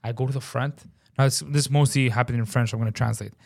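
A man telling a story in casual chat, animated, swearing a lot and saying "bro", acting out his own shouting. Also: mid-range voice, quick pace, creaky. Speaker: podcast host.

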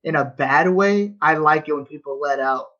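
Easygoing man, bright dull-sounding voice. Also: on the high side, moderate pace. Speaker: podcast co-host. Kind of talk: casual chat.

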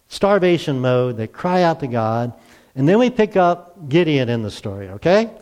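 A man's voice: medium pitch, a little mellow. A male pastor preaching a sermon in a conversational way, asking rhetorical questions. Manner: conversational, asks rhetorical questions, acts out quotes.

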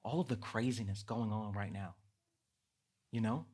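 Husky-voiced man preaching a sermon. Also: fairly low pitch, normal speed. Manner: conversational, building to loud emphatic peaks. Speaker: pastor.

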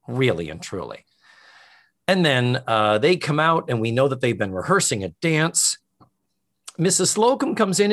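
Chatty man retelling a show. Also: mid-range voice. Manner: animated retelling with quoted lines. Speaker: podcast co-host. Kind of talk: casual chat.

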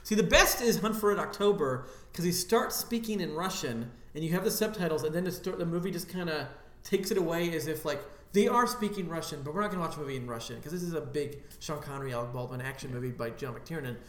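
Higher-voiced rambling man, echoey room. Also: fast, a bit bright. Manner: rambling, full of asides and fillers. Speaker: podcast co-host. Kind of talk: casual film chat. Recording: roomy echo.

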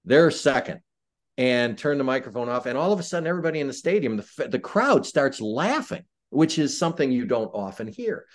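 A man's voice: medium pitch, very animated, fast talker, few pauses. An older man from Chicago, a retired football referee, telling funny anecdotes with self-deprecating humor in a casual interview.

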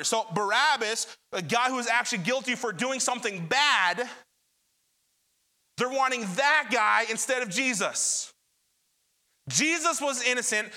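A man's voice: very high-pitched, pushed and bright. A young adult man preaching a sermon, addressing the congregation directly and retelling scripture with dramatic energy. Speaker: pastor.

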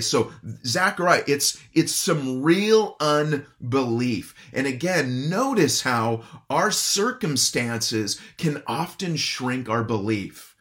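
A man's voice: mid-range voice, expressive, takes it slowly, fairly bright tone. Guy preaching a bible sermon, earnest, leans hard on key words, asks the crowd stuff. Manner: earnest, emphatic, rhetorical questions to listeners. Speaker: pastor. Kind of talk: expository sermon.

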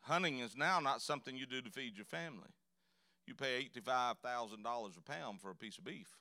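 A man's voice: medium pitch, brisk, sharp tone, no room sound, clean studio sound. A man preaching a sermon in a church, telling folksy, joking stories. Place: church sanctuary.

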